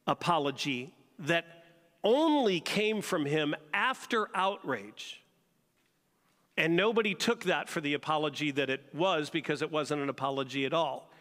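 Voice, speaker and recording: A man delivering a sermon in a church sanctuary, his voice a touch high and ringing bright. He keeps turning to the congregation with rhetorical questions, and a long hall reverb trails every phrase. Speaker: pastor.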